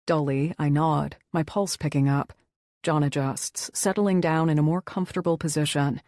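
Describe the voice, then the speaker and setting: A woman's voice: deep voice, steady tone, normal speed, darkish tone, no room sound, clean studio sound. A woman reading a first-person romance audiobook in an intimate, tender way. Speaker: audiobook narrator.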